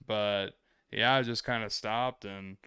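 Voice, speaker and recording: Bright, clear-voiced man telling travel stories. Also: on the low side, steady tone, slow, no room sound, studio quality. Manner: laid-back, rambling, swears freely. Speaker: vlog host. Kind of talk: casual travel storytelling.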